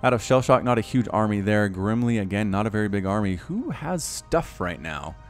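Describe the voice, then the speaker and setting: A man in his thirties commentating a strategy video game match, casual and chatty, getting louder and higher at big plays. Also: fairly quick. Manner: excitable, rises sharply in pitch and volume at big plays. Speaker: game caster. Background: faint background music.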